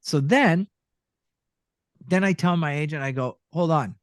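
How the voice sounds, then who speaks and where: A middle-aged man from Canada tells stories from his career in a loose, conversational way. He keeps slipping into quick impressions of the people he quotes. His voice sits fairly high for a man and is recorded dry and close, with no room sound. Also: no echo. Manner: animated storyteller who acts out voices and quotes. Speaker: guest voice actor. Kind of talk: casual storytelling interview.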